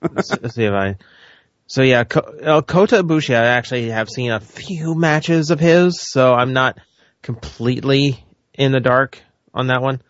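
A man's voice: mid-range voice, normal speed, no echo. A man co-hosting a wrestling podcast, rambling and thinking aloud in casual chat. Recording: dry, dull lo-fi audio.

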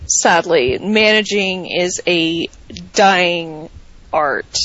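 A woman co-hosting a casual podcast, thoughtful and measured as she says her views. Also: on the low side, a bit bright, dull audio. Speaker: podcast co-host. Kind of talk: casual chat.

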